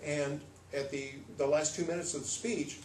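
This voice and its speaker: American man, playful workshop presenter, animated delivery, heard from a distance, faint room ambience. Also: moderate pace, noisy background. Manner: lively, playful, demonstrative, swings pitch and pace for effect. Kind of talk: live workshop talk to an audience. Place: hall with a live audience. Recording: echoey room, voice from far off.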